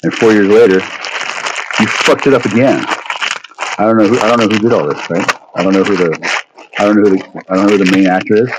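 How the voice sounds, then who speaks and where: A man rambling profanely into his phone at home, stammering through restarts and breaking into sudden loud outbursts. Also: fairly low pitch, fast, heavy background noise. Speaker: vlogger. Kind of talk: rambling monologue rant.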